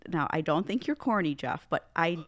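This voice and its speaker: A woman co-hosting a casual movie podcast, chatty and quick to laugh. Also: sits low, animated, no echo, studio quality. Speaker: podcast co-host. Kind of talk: casual chat.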